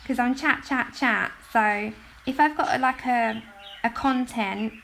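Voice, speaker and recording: A woman's voice: a little high, a little slow, gravelly, a bit bright, a little hiss or hum. A woman in her thirties with a London accent, chatting casually and giggling while she colours on a live stream.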